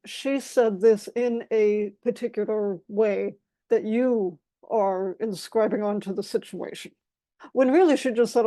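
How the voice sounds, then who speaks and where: A woman's voice: medium pitch, fairly even intonation, a little slow, warm tone, dry recording. A woman giving an explanatory talk as a guest speaker, defining terms one by one in a methodical way.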